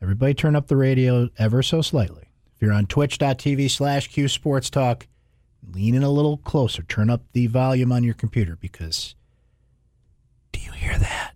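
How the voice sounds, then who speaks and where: A man hosting a sports talk radio show, animated, swinging between loud shouts and hushed asides. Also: medium pitch, fairly quick, no echo, clean studio sound. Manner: animated, bursts into loud shouts then drops to whispers.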